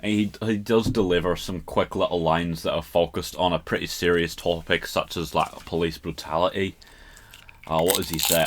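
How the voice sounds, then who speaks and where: A man's voice: low-pitched, fairly even intonation, moderate pace, fairly bright tone, slight background noise. A Scottish man hosting a podcast, casually talking through a rap song and laughing at his own accent. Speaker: podcast host.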